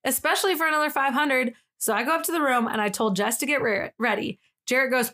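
A young woman co-hosts a casual podcast, telling a story in a lively, slangy way. Her voice sits a little higher than most women's. She keeps the pace chatty and energetic. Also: quick pace, hardly any pauses. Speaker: podcast co-host.

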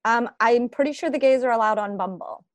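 A woman co-hosting a casual group chat, trading wry, deadpan asides. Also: a little high, a little fast, no room sound. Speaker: podcast co-host.

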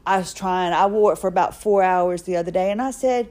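A woman's voice: fairly low pitch, a little fast, hardly any pauses, a little mellow. A middle-aged woman hosting a podcast, telling a personal story in a chatty, self-mocking way. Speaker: podcast host. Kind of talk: casual personal monologue.

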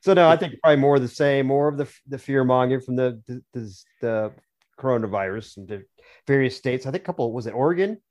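A man's voice: medium pitch, quick pace, a little mellow. A man on a podcast as a guest author, chatting casually in a rambling, jokey way with frequent restarts. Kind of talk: casual chat.

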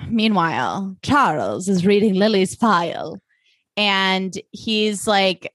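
Chatty co-host woman, dry close mic, quick casual plot recap. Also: mid-range voice, lively intonation, fairly bright tone, no echo. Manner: chatty, recaps plot briskly, mimics characters. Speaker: podcast co-host.

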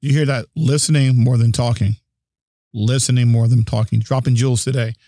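A man's voice: medium pitch, steady tone, fairly quick, mellow, no echo, clean studio sound. Male interview host, supportive listener. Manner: supportive backchannels, reflective follow-up questions. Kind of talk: conversational interview.

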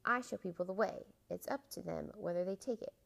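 A woman's voice: lowish voice, normal speed, gravelly. Woman doing a dignified talking signpost. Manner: dignified, gently scolding.

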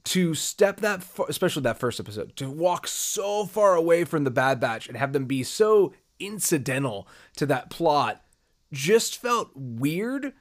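Slightly high-pitched and a little slow, this co-host sounds very animated. His casual podcast talk wanders, and he performs other people's reactions in quotes along the way.

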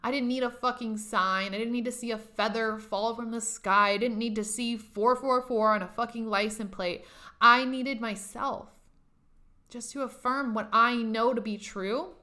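A woman's voice: on the high side, steady tone, moderate pace, pushed and bright. A young woman hosting a podcast, giving a casual motivational talk, emphatic and profane, often laughing. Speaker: podcast host.

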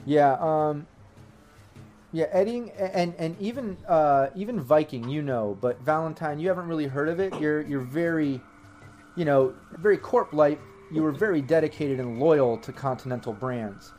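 A man's voice: a little high, moderate pace, darkish tone. A young man narrating a tabletop game as game master, rambling with many fillers.

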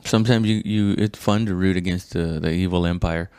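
A low-voiced man tells a loose, profane comedy story and keeps mocking himself along the way. The sound is dry and close, with no room around it. Whenever he quotes someone, his voice jumps up high. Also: fairly even intonation, a little fast, darkish tone, clean tone, dry recording. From immigrant to the United States. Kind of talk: casual storytelling stand-up.

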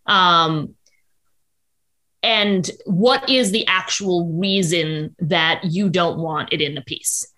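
A woman, a journalist guest on a podcast, talking casually in quick bursts with frequent restarts. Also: fairly low pitch, pushed and bright. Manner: chatty, quick with many restarts.

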